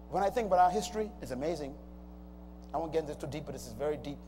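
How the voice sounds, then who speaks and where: A man's voice: fairly high pitch, mellow. A man preaching a sermon, emphatic and calling out to the congregation. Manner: emphatic call-and-response preaching. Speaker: pastor. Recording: long hall reverb, faint noise.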